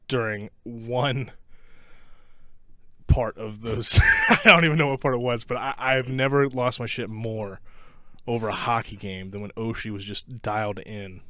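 A young man co-hosting a casual sports podcast, excitable and swearing freely. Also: medium pitch, dry recording. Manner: excitable, swears, quick back-and-forth. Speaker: podcast co-host.

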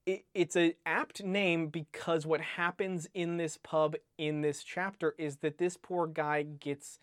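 A man in casual chat, talking through a book in a rambling, animated way, full of restarts and "like". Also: a little high, slow, clear, resonant tone, no room sound, studio quality. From United States. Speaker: podcast co-host discussing a book.

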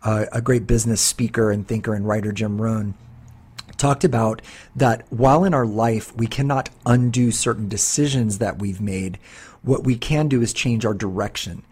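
A man in his fifties co-hosting a podcast, telling stories in a casual, animated way with lots of fillers. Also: fairly low pitch, moderate pace, husky. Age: 50s. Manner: animated storyteller, many fillers. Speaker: podcast co-host.

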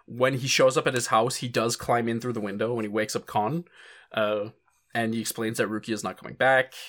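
Animated man recapping with laughter. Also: mid-range voice, brisk. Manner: animated, laughs often, acts out quoted lines. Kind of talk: casual chat recapping an anime.

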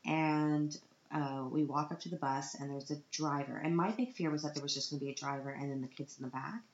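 The speaker, a tearful parent vlogger in her thirties, recounts a personal story about her child with self-mocking drama. Her deep voice moves briskly over a little hiss or hum, in a roomy, dull, lo-fi recording.

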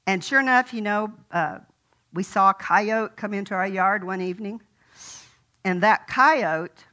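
A woman's voice: medium pitch, sharp tone. An older woman preaching a sermon in a folksy, conversational way, telling a personal story.

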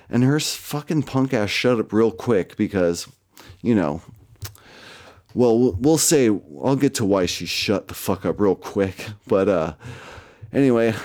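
A man's voice: lowish voice, darkish tone. A man casually telling a personal story, rambling and profane, with lots of fillers and self-mocking asides.

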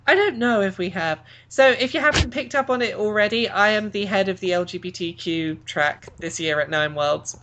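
A chatty woman hosting a relaxed podcast conversation. Her pitch sits in the middle range. She laughs easily and talks freely. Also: moderate pace, hardly any pauses, highs cut off. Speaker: podcast host and convention track organizer. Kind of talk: casual chat.

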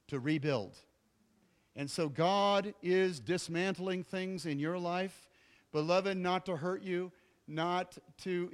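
High-voiced man preaching a sermon. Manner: storytelling preacher, jokey asides, acts out other voices. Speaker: pastor.

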